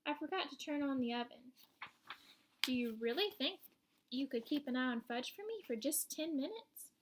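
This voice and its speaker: A fretful, hurried mother, played by a woman reading a storybook. She coaxes and worries, her voice a little higher than the narration. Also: animated, noisy background. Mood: anxious. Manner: anxious, coaxing.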